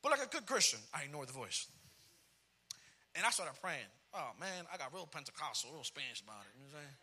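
A man in his thirties preaching a comic personal story, animated and dropping in Spanish phrases. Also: on the high side, fairly quick, slightly rough. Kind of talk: storytelling sermon.

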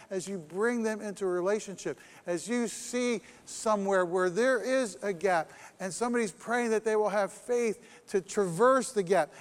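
A man's voice: high voice, long reverb tail. A man preaching a sermon, earnest and repetitive, acting out prayers in the first person. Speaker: pastor.

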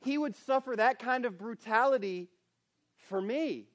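A man with a high voice delivers a camp sermon, earnest and building to emphatic points. He often repeats and restarts his phrases as he works toward them. The sound is dry and close, with no room echo. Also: measured pace. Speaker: camp speaker.

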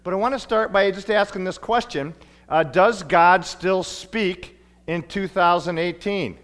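Folksy middle-aged pastor preaching. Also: male voice, high voice, measured pace, a bit bright. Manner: folksy, playful, often stumbles and restarts. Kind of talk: sermon. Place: church sanctuary.

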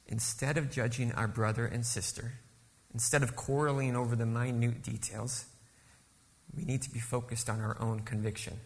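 A man's voice: medium pitch, steady tone, moderate pace. Preaching man in a reverberant church. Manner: asks the congregation rhetorical questions, then answers them. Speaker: guest preacher. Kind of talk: sermon. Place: church sanctuary.

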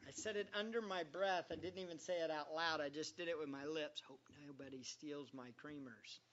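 A man's voice: a little high, fairly even intonation, fairly quick, a bit bright, lo-fi sound, a little hiss or hum. A male pastor preaching a sermon in a conversational, joking way, quizzing the congregation as he goes.

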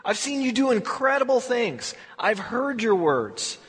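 A preacher playing an eager pleading disciple. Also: male voice, very high-pitched, very animated, unhurried, fairly bright tone, slightly rough, big-room sound, pitched above the performer's own voice, exaggerated voice. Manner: earnest, pleading, talks over himself. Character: eager adult male disciple pleading with his teacher.

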